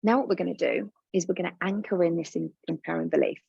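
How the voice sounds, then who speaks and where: A woman's voice: lowish voice, lively intonation, fast, vocal fry, darkish tone, husky, dry recording, highs cut off. A woman business coach leading listeners through a guided coaching exercise, soothing and encouraging, often repeating her instructions.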